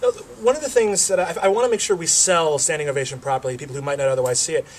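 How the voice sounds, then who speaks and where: A man's voice: on the high side, rapid-fire. A man hosting an interview, asking eager, enthusiastic questions. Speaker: interview host. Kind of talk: casual interview.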